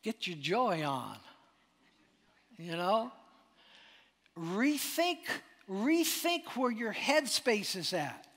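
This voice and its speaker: A man preaching with a high, bright voice that swings between loud exclamations and hushed near-whispers. His sermon is dramatic and animated, and a long hall reverb hangs behind every line. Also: extremely slow, long pauses. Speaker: pastor.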